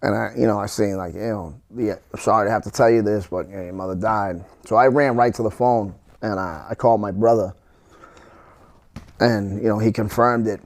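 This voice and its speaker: A middle-aged man, a podcast guest, telling a painful personal story in a halting way, full of restarts and fillers. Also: on the low side, steady tone.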